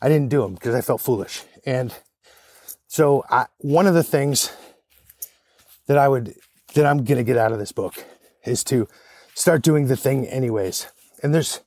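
A man's voice: medium pitch, moderate pace, pauses often, darkish tone. A man with a mid-range voice speaks earnestly and encouragingly, hosting a casual solo podcast monologue. He is out of breath as he hikes uphill outdoors. The sound is dry, with no room echo around his voice. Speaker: podcast host. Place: outdoors on a hiking trail, walking uphill.

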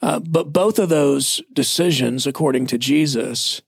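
Man in his 40s, pastor, gravelly voice, husky, casual storytelling, dry close sound. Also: on the high side, unhurried, no room sound. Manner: storytelling, plainspoken, self-deprecating. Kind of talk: casual church podcast conversation.

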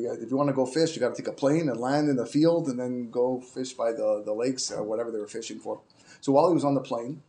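A male Torah teacher weaves in an informal Torah class, speaking at a middle pitch. He halts and restarts often, though he livens up when telling stories.

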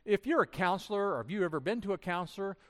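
A man's voice: high-pitched, expressive, fast, fairly bright tone. A man preaching a sermon as pastor, conversational and self-deprecating, acting out the voices he quotes. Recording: long reverb of a large hall.

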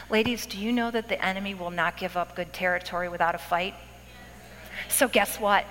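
Middle-aged woman preacher, bright tone, lively storytelling sermon, big hall echo. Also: mid-range voice, a little fast, a little hiss or hum. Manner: animated storytelling with acted-out quotes. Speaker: speaker at a women's event. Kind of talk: testimony sermon. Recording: long hall reverb.

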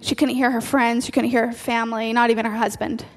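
A woman's voice: a little high, level tone, fast talker. A woman preacher delivering an earnest sermon, repeating key phrases for emphasis. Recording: long hall reverb with faint music.

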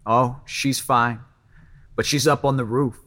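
A man's voice: medium pitch, fairly even intonation, unhurried, pitched above the performer's own voice. A man voicing a distraught sobbing man. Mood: weary. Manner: yelling between sobs and laughter. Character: distraught middle-aged man, sobbing then laughing.

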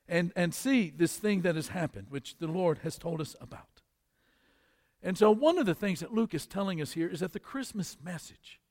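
A man's voice: high-pitched, big-room sound. A male pastor preaching a sermon, retelling scripture with storytelling asides and drawing the congregation into call-and-response.

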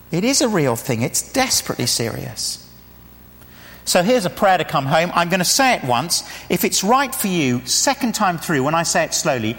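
Man, sermon, animated pitch, earnest pleading, echoing church hall. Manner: earnest pleading, slows and softens for prayer. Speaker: preacher.

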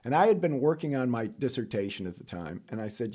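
A middle-aged man from New York telling stories of his career as an interview guest, jokey and animated, jumping up in pitch for punchlines. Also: a little fast, few pauses, slightly rough. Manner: animated, jokey storyteller with sudden high-pitched asides. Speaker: guest, college administrator. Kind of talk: casual storytelling interview.

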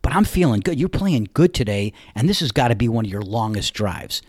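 A man's voice: mid-range voice, big pitch swings, a little fast, a little mellow, breathy edge, no echo, clean studio sound. A man voicing a cocky, teasing male golf buddy with a New York accent. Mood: needling. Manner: teasing, needling.

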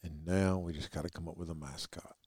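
A man's voice: low voice, fairly even intonation, a little fast, darkish tone, slightly rough, dry recording, studio quality. A man hosting a podcast, rambling and joking in casual chat. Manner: rambling, enthusiastic, jokey. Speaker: podcast host.

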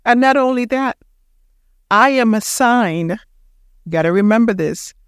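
Woman, 60s, Panamanian accent, podcast host, motivational talk, emphatic and repetitive, smooth voice, dry sound. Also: on the high side, animated, measured pace, no echo. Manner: emphatic, repeats her points.

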